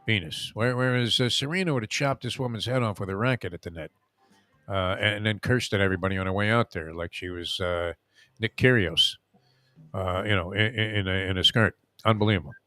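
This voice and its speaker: A man hosting a sports radio show, chatting casually and rambling with many halting uhs. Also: on the low side, pushed and bright, dry recording, soft background music.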